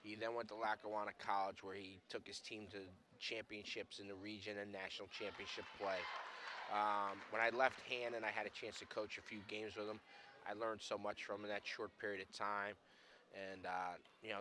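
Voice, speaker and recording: A man's voice: fairly low pitch, little pitch movement, fairly quick, background noise. A man who coached before, giving color commentary on a basketball game in an emphatic, teaching way and repeating his key points.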